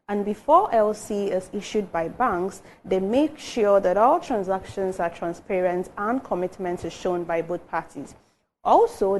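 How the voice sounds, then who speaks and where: A woman's voice: medium pitch, a little mellow, a little hiss or hum. A woman with a Ghanaian accent, a co-presenter reading viewers' messages aloud on a television show.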